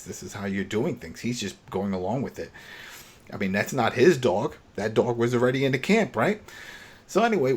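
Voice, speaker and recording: A man's voice: medium pitch, slightly rough. A man casually recapping a TV episode on a podcast, acting out the characters' lines as he retells the scenes. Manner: animated retelling, acting out dialogue.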